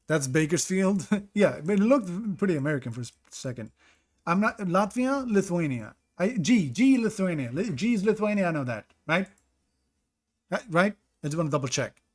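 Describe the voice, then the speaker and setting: A man with a slightly raised pitch talks through each guess in loose live-stream commentary. He muses out loud and breaks off to welcome viewers in his chat, keeping an easy, offhand tone. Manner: thinks aloud, greets chat mid-sentence.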